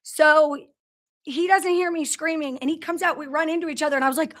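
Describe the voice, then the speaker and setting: High-voiced chatty woman livestream host. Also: brisk, a bit bright. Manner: chatty storyteller, greets viewers by name. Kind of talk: casual livestream chat. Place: office in a large factory building.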